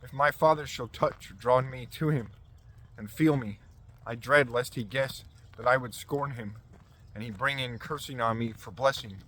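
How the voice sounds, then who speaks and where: A man's voice: mid-range voice, normal speed, fairly bright tone, natural voice, low-quality recording. A man reading the part of an anxious younger son in a scripture reading, plain and cautious.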